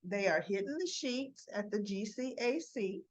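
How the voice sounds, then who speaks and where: A woman's voice: mid-range voice, animated, unhurried. A woman giving a chatty, rambling recap of a soap opera episode, slipping in quotes from the characters as she goes. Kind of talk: casual recap chat. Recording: dull lo-fi recording.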